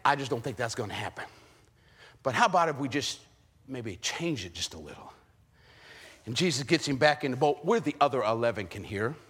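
A man preaching a sermon in an animated way, firing rhetorical questions at the congregation. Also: mid-range voice, brisk, long pauses, husky. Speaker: pastor.

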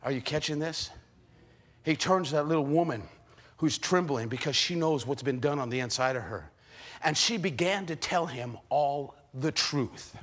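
A man preaching a sermon in an animated way, firing rhetorical questions at the congregation. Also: fairly high pitch, moderate pace. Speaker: pastor.

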